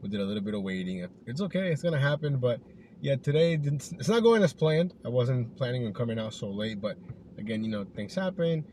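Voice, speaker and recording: Driving for deliveries, a man narrates a casual vlog to his viewers from inside the car, upbeat, rambling and filler-heavy. He speaks fairly quickly in an animated, mellow, medium-pitched voice, with car and road noise clearly in the background.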